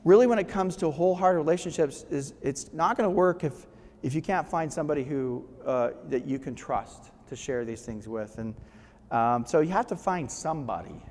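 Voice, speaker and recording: In a recording with long hall reverb, a guest speaker with a slightly mellow, higher-leaning voice talks at a moderate pace. His motivational talk to the live crowd is casual, with frequent check-ins and restarted phrases.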